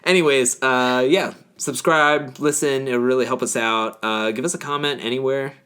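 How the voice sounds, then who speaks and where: A man's voice: mid-range voice, fairly even intonation, moderate pace, bright, forceful tone. A man co-hosting a comedy podcast, joking through casual chat with frequent laughs. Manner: joking, laughs between lines. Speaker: podcast co-host.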